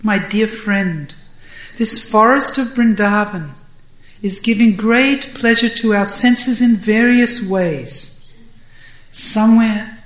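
Woman playing a soft tender divine cowherd boy, slow and gentle, echoey room. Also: medium pitch, natural voice. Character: gentle divine young male cowherd flute player.

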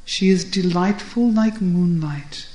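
Elderly wise woman, gently teasing, read by a narrator; slow, echoey room. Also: mid-range voice, natural voice. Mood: playful. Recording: roomy echo.

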